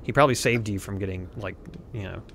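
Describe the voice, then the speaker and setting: A man's voice: lowish voice, quick pace, a bit bright, a little hiss or hum. A man chatting on a game stream, teasing his friends and muttering to himself as he plays cards. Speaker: show regular, playing a card game. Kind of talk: casual chat and play-by-play of his game.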